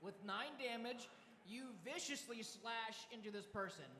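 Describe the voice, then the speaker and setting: A man's voice: extremely high pitch, measured pace, noisy background. A man narrating a tabletop game as dungeon master, laughing often as he describes the action, recorded in an echoey hall. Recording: echoey hall with live crowd.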